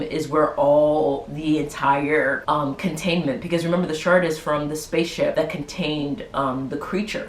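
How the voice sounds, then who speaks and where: A woman hosting her own show, casually recapping a TV episode in an animated way, swearing and laughing as she retells scenes. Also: low-pitched, slight background noise. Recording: echoey room.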